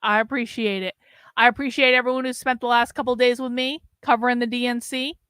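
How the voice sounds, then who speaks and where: A woman hosting a casual livestream, a little drunk and chatting breezily. Her voice is bright, crisp and a touch high. It is recorded dry and close. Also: fairly even intonation, a little fast, dry recording. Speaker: host.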